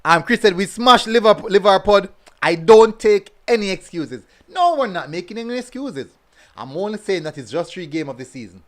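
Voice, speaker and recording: A man's voice: high-pitched, expressive, moderate pace, fairly bright tone. A man hosting a casual football review stream, reading chat comments and talking in a chatty way, full of fillers and repeated phrases.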